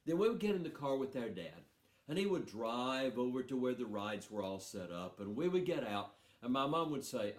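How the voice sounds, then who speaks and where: A man's voice: medium pitch, big pitch swings, normal speed. A man telling a playful, folksy story to schoolchildren at a storytelling festival. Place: festival stage. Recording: roomy hall sound.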